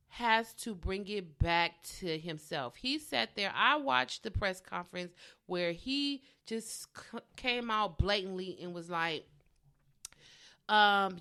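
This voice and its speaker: A woman's voice: medium pitch, lively intonation, slow pace, sharp tone, smooth. A woman hosting a podcast alone, ranting casually and bluntly, swearing freely. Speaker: podcast host. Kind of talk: casual solo podcast rant.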